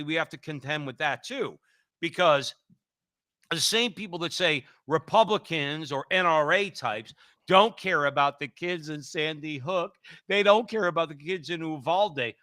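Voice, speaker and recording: A man's voice: a little high, expressive, moderate pace, sharp tone, dry recording, studio quality. A man co-hosting a political talk show, heated and emphatic, often repeating himself as he builds his point. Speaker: co-host.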